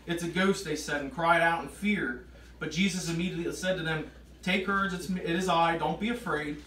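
A man leads an informal Bible study. His voice sits high and turns emphatic as he explains the scripture. He sounds far from the mic in an echoey room with faint noise behind him. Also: a little fast. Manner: reads scripture aloud, then grows emphatic and animated. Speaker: preacher.

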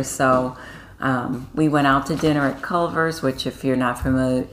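A woman's voice: very deep voice, steady tone, moderate pace, slight background noise. An older woman from Iowa co-hosting a casual chat, rambling through family stories with many fillers. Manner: chatty, rambling, warm storytelling with many fillers. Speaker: co-host.

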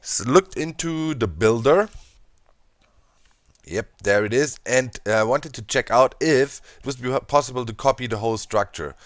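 A man with a German accent hosting a gaming video, talking to viewers in an animated, playfully scheming way. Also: medium pitch, normal speed, dry recording, studio quality. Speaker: Minecraft let's play host. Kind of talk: gaming commentary.

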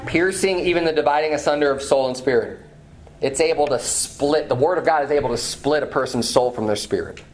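A pastor preaching a sermon in church, reading scripture aloud with some restarts and fillers. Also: male voice, a little high, a little fast, slight background noise. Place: church sanctuary.

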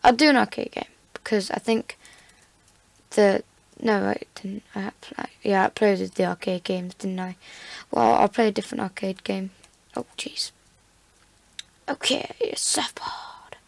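Gravelly, chatty woman gamer. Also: mid-range voice, steady tone, unhurried, dry recording. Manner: chatty, playful and self-mocking. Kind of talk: casual gameplay commentary. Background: faint background music.

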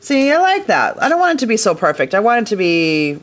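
A woman's voice: mid-range voice, very animated, brisk. A woman teaching glass fusing in a casual hands-on tutorial, chatty and enthusiastic, talking straight to her viewers from a studio workshop.

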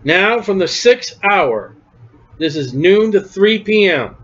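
A man's voice: high voice, lively intonation, slow pace, fairly bright tone, slightly rough. A man preaching a conversational Bible-study sermon, emphatic, often repeating words. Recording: dull lo-fi recording.

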